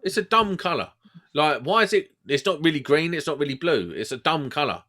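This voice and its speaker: A man's voice: on the high side, expressive, fairly quick, fairly bright tone. A man hosting a podcast, telling stories in casual, laddish banter. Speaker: podcast host. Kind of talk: casual storytelling chat.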